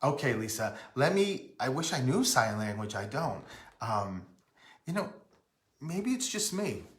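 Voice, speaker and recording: A man's voice: mid-range voice, sing-song, measured pace, roomy sound. A man from Rhode Island hosting a casual live stream, rambling and breaking off to greet viewers by name.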